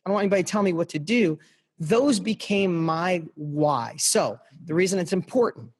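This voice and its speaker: Middle aged guy on a podcast, pretty high voice, kinda husky, fired up and preachy, hammers his points. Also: animated, moderate pace. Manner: passionate, emphatic, repeats phrases for punch; speaks straight to listeners. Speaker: podcast guest. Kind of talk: motivational storytelling.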